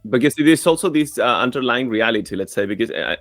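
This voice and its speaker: Man, halting host. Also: medium pitch, expressive, a bit bright, no room sound, studio quality, faint music behind. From Chile. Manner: halting, filler-heavy, earnest. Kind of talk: conversational interview.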